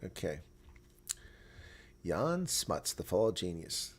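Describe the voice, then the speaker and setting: A man's voice: low voice, very animated, takes it slowly, breathy edge. A man hosting a casual live rugby watch-along, chatting loosely, laughing often and reading viewer comments aloud.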